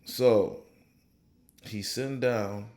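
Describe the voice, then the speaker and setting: A man's voice: lowish voice, fairly even intonation, darkish tone. A man giving a casual motivational talk on faith, punctuating nearly every phrase with "right?", reflective and then fervent. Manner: unhurried and reflective, growing fervent when preaching. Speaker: motivational speaker. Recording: echoey room.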